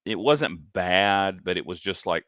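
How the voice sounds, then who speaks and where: A deep-voiced man in his forties, bright and forceful, chatting casually about comics on a podcast. He hesitates a lot, stacking ums and restarts. The sound is close and dry. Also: animated, a little slow, no room sound. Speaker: podcast co-host. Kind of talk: casual comic review chat.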